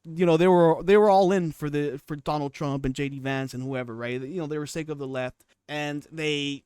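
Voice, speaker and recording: A man's voice: fairly high pitch, fairly even intonation, moderate pace, darkish tone, clear, resonant tone, no echo, studio quality. A man in his twenties giving casual commentary on his channel, rambling and often restarting his sentences. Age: 20s. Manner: rambling, restarts and repeats himself. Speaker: commentary YouTuber.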